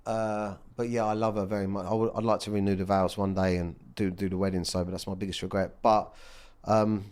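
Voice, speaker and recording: A deep-voiced man talks openly as a podcast guest. His delivery is blunt, emotional and full of casual swearing, with a low pitch throughout. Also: little pitch movement, a little fast, few pauses, a little mellow. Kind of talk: candid casual chat.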